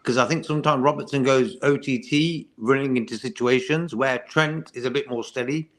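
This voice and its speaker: An easygoing man co-hosts a casual fan chat, making his points with homely everyday comparisons. His voice sits at an ordinary middle pitch. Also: moderate pace, a bit bright. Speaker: regular co-host.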